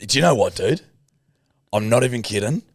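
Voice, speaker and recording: An Australian man co-hosting a podcast, talking bluntly and swearing often as he tells animated stories. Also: medium pitch, fairly quick, husky, no room sound, studio quality. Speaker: podcast co-host. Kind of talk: casual podcast chat.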